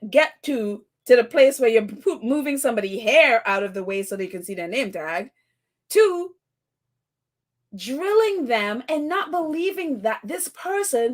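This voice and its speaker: A woman hosting a casual commentary podcast, her voice sitting high and leaping up and down as she speaks. She sounds animated and exasperated, often breaking into incredulous laughter. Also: measured pace. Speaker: podcast host.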